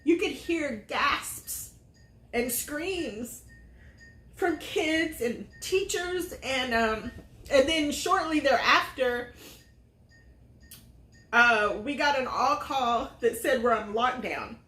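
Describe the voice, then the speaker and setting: A woman's voice: sits high, lively intonation, slow, pauses often, sharp tone. A middle-aged woman, a vlog host, telling a personal story in earnest with many fillers. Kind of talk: casual storytelling chat. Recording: roomy echo.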